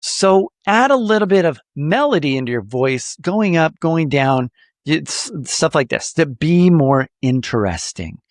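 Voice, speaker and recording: A man hosting a podcast, coaching listeners in a lively, animated way with playful jokes. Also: fairly high pitch, a little slow, few pauses, dry recording, studio quality. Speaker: podcast host.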